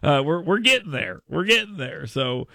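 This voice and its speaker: A man's voice: fairly high pitch, big pitch swings, moderate pace, creaky, bright, forceful tone, no echo. A man hosting a talk radio show, chatting playfully and making mock proclamations, with frequent restarts, on a studio mic. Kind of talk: casual talk radio banter. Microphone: studio microphone.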